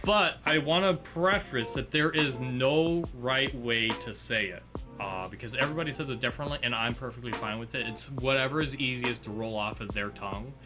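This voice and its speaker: A man's voice: mid-range voice, normal speed, over music. A man co-hosting a podcast in casual chat, self-deprecating and rambling with plenty of fillers. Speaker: podcast co-host.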